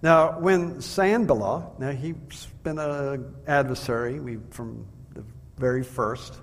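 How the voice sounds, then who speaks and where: A man preaching a sermon, measured and earnest, asking his listeners rhetorical questions. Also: mid-range voice, slight background noise. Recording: long hall reverb.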